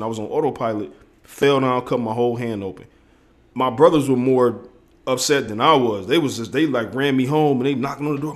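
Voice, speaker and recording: Laid-back slangy man talking casually. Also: medium pitch. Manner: laid-back, slangy, swears, animated impressions. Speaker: podcast co-host. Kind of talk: casual conversation.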